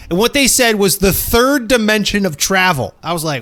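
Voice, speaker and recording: High-pitched and talking at normal speed with hardly any pauses, this male podcast host runs a casual comedy show. His banter is animated and jokey, and he often puts on silly voices.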